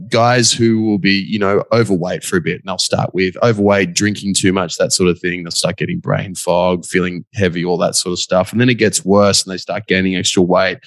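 Low-voiced dude hosting a podcast, chatty, dead dry sound. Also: male voice, dry recording. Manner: chatty, colloquial, piles up examples. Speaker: podcast host. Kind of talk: casual interview questions.

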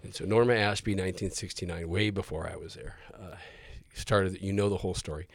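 Low-voiced rambling male storyteller. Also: fairly even intonation, fairly quick, no room sound. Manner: rambling storyteller, laughs often. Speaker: guest artist. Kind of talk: casual chat.

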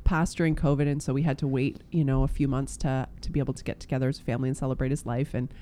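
A woman's voice: rumbling low, little pitch movement, rapid-fire, dark tone, a little hiss or hum. A woman in her forties chatting casually as co-host, earnest and laughing often. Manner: earnest, laughs often, says beautiful a lot. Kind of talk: casual chat.

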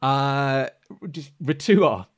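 A man narrating as game master of a tabletop game, halting and full of fillers. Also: medium pitch.

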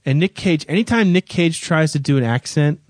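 A man's voice: fairly high pitch, lively intonation, a little fast, no echo, studio quality. A man co-hosting a radio show, sardonic and grumbling in bantering movie talk.

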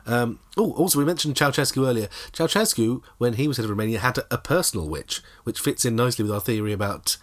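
A man's voice: mid-range voice, quick pace, few pauses. A man co-hosting a comedy podcast, telling odd stories in a giggly, chatty way. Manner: giggly, lively storytelling. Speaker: co-host. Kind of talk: comedic casual chat.

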